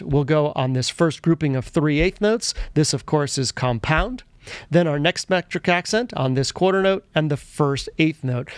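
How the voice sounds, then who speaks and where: A man's voice: fairly high pitch, no echo. A man teaching a music theory lesson, explaining rhythms patiently step by step and chanting rhythm syllables.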